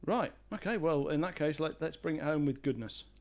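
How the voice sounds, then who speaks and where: A man's voice: a little high, a little fast. A man co-hosting a podcast, chatting casually in a wry, grumbling way with frequent restarts. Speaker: podcast co-host. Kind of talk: casual chat.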